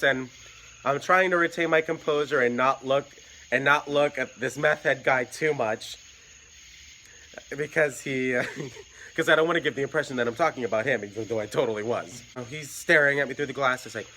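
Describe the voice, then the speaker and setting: A man's voice: mid-range voice, moderate pace, sharp tone, slight background noise, rough recording. A man casually telling a story from his job at a hotel desk, in a wry, profane way with frequent stammers. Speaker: hotel night clerk telling stories.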